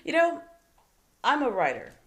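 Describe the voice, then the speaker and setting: A woman's voice: high-pitched, wildly swooping pitch, a little slow. A woman hosting a live advice show, talking emphatically and asking rhetorical questions. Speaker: host.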